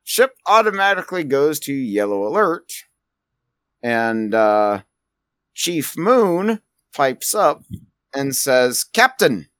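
A man's voice: medium pitch, big pitch swings, takes it slowly, a bit bright, clear, resonant tone, no echo. Male game master, rambling and full of fillers, close dry mic. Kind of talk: narrating a tabletop game.

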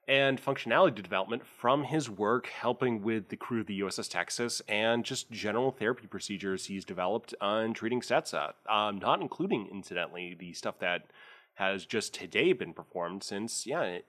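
A man's voice: on the low side, fairly bright tone. Rambling man narrating a tabletop game. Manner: rambling, many fillers. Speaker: game master.

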